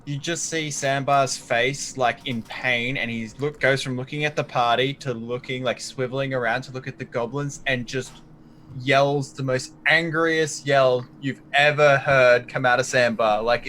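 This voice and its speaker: A man's voice: mid-range voice, steady tone, normal speed, pushed and bright, slight background noise. Blunt, joking male tabletop player. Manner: blunt, joking, swears freely. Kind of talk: casual tabletop game chat.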